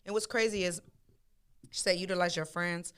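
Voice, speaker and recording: A woman's voice: fairly low pitch, normal speed, clear, resonant tone. A woman, co-hosting a podcast in casual chat, telling stories candidly with slang. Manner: candid, animated storytelling with slang. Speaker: podcast co-host.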